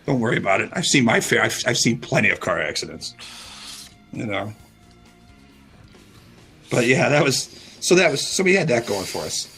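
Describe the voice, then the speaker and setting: Gravelly, bright-voiced man telling a story. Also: mid-range voice, normal speed, long pauses, soft background music, low-quality recording. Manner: animated storyteller, acts out quotes. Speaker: radio show host. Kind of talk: casual storytelling chat.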